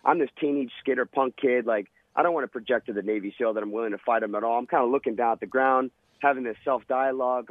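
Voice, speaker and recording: A man's voice: medium pitch, fast talker, dry recording. A man, a former Navy SEAL, telling a vivid, dramatic story in an interview. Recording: tinny phone-line sound.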